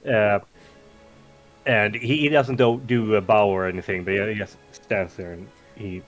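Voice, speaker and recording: A man describing his character at a tabletop game. He speaks slowly and hesitantly in a somewhat low voice, with many fillers. Faint music plays behind him. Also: steady tone. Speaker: player.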